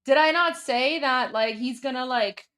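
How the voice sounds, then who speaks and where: A woman's voice: sits high, measured pace, fairly bright tone, slight background noise. A woman co-hosting a live stream, chatting casually and bluntly as she reads out viewer messages, with plenty of "like" and "um".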